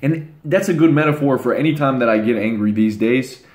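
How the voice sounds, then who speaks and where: Young male host, mid-pitched, blunt rambling delivery with slang, recorded in a roomy, echoing space. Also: fairly quick, darkish tone. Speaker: channel host. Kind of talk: casual monologue to camera. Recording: echoey room.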